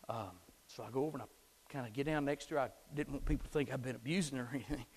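A middle-aged man preaching a sermon as a pastor, swinging from hushed whispers to shouted climaxes. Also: mid-range voice, racing, in a large hall, slight background noise. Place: church sanctuary.

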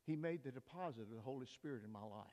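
An older man, a pastor, preaching an emphatic sermon in a church, swinging between loud peaks and hushed asides. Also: mid-range voice, lively intonation, fast talker. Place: church sanctuary. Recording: long reverb of a church hall.

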